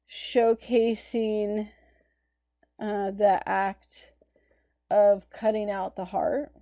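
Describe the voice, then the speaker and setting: Mellow-voiced woman lecturing casually. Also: medium pitch. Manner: conversational, explaining images on screen. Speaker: art history instructor. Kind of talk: recorded lecture over slides.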